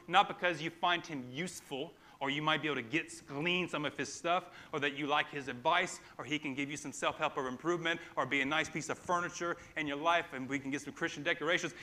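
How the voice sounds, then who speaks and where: A man preaching a sermon in a conversational, animated way, with casual asides to the congregation. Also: on the high side. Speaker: pastor.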